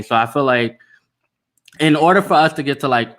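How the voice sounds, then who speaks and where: A man's voice: mid-range voice, fairly quick, a bit bright. A man speaking as a panelist in casual talk, earnest and full of "like" fillers.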